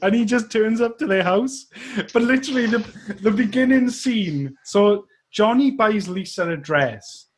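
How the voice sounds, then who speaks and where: A man's voice: high-pitched, measured pace, hardly any pauses, husky. A man co-hosting a podcast, chatting casually about a film, swearing, laughing and quoting lines. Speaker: podcast co-host. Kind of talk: casual chat reviewing a film.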